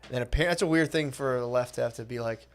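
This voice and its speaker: Laid-back rambling podcast co-host. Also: male voice, medium pitch, fast talker. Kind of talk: casual chat.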